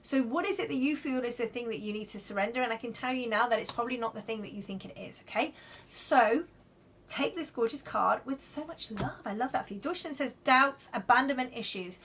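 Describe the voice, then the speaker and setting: A woman with a bright, high-pitched voice runs a live card reading. She talks chattily and reassuringly to her viewers and keeps checking in with them as she goes. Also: fairly quick, a little hiss or hum. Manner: chatty, reassuring, lots of "okay?" and "right?". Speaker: card reader.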